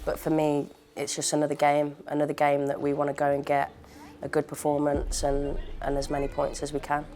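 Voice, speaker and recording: A woman footballer speaking casually in an interview, relaxed and storytelling, with hesitant restarts. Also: deep voice, fairly quick. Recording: crowd and background noise.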